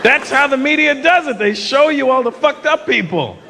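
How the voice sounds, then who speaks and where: A man doing a stand-up comedy routine on a live stage, animated and slipping into mocking impressions. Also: very high-pitched, normal speed, gravelly, a loud crowd. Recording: live show with loud audience and noise.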